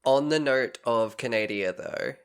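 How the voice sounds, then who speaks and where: A man's voice: mid-range voice, unhurried, smooth. Chatty man slipping into voices. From Australia. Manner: chatty, slips into playful voices. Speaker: podcast co-host. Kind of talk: casual chat, storytelling.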